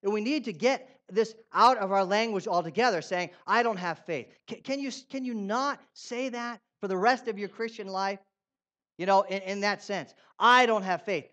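A man preaching a sermon, swinging between loud declarations and quiet asides, putting questions to his congregation. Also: high-pitched, normal speed. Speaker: pastor. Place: church.

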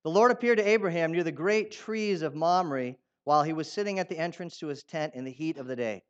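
A man preaching a sermon in a conversational way, asking his listeners questions and turning animated when he reads out quotes. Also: a little high, a little fast, clean tone, dull audio. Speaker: pastor.

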